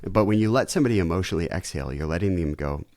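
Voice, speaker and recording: A man's voice: low-pitched, racing, dry recording, clean studio sound. A man, a pastor, talking as a podcast guest and vividly acting out everyday family scenes. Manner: animated storyteller who acts out family scenes. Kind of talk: conversational interview.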